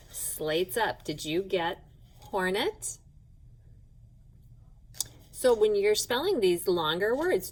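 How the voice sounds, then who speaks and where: Slow, patient woman teaching phonics. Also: mid-range voice, rough recording. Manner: slow, clear, patient classroom delivery, sounding words out. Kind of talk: recorded phonics lesson for children.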